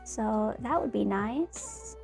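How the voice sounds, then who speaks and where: A woman's voice: a little high, expressive, takes it slowly, vocal fry, a little mellow, soft background music. A young woman chatting casually in a bubbly, rambling way while she paints a figure. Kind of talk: casual chat while crafting.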